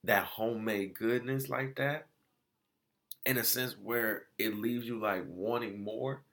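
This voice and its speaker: A man casually reviewing food spots in a vlog, telling it as an animated, slangy story full of restarts and quoted exchanges. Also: fairly low pitch, takes it slowly.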